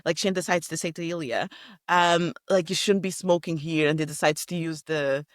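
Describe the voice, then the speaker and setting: A woman co-hosting a podcast, agreeable and a little halting, often laughing along as she talks about a TV show. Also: low voice, no echo, clean studio sound. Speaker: podcast co-host. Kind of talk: casual chat recapping a TV show.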